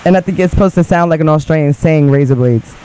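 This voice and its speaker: A man's voice: a little high, fast talker, dark tone, clear, resonant tone, low-quality recording. A man co-hosting a radio show who jokes and laughs often during casual studio banter. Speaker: radio co-host.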